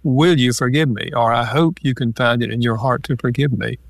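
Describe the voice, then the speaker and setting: Calm man explaining with examples. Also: medium pitch, brisk, creaky, dry recording. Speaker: author and marriage counselor guest. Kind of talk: relaxed interview talk.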